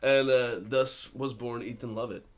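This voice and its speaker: A man's voice: medium pitch, a little slow. Young American male actor, casual guest storyteller, laughs a lot. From United States. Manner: laughs often, relaxed storytelling. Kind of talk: casual interview chat.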